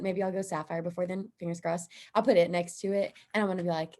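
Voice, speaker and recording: A young woman joins her team's video call. She talks in a bubbly, rambling way, full of likes and ums, and her pitch sits in a middle range. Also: fast talker, few pauses, darkish tone. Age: young adult. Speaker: team member. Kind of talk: casual chat on a video call.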